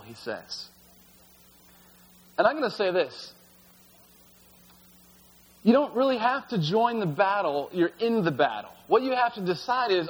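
A man's voice: high voice, slightly rough. A man preaching as a youth pastor, telling stories in a casual, filler-laden way. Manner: casual storytelling with frequent fillers. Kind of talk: sermon. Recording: long reverb of a hall.

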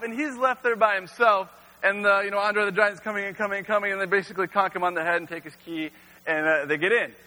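Male youth pastor, relaxed storytelling sermon, crisp bright tone, long hall echo. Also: high voice, fast. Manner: casual storytelling with frequent fillers.

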